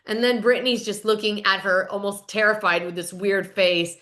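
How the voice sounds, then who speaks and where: A woman's voice: medium pitch, steady tone, normal speed, a bit bright. A woman retelling a reality TV episode in a chatty, dramatic, gossipy way. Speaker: reality TV recap host. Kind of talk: recapping a TV episode to camera.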